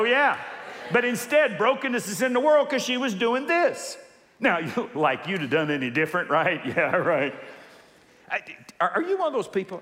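A man delivers a lively sermon in a slightly high voice, slipping into quoted voices and calling on the congregation to answer back. His voice rings out with a long reverb, as in a large church hall. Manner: animated, acts out quoted voices, calls for audience responses. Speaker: pastor.

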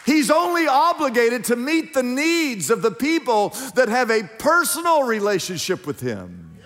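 Male pastor, high voice, emphatic sermon delivery, church hall reverb. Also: wildly swooping pitch, a little slow, a bit bright, some chatter behind. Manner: emphatic preaching, rhetorical questions to congregation. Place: church sanctuary.

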